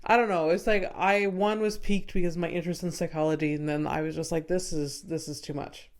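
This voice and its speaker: A woman's voice: fairly low pitch, steady tone, fairly quick. A young woman co-hosting a podcast in casual chat, talking things through and laughing often. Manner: chatty, laughs often, acts out movie scenes. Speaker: podcast co-host.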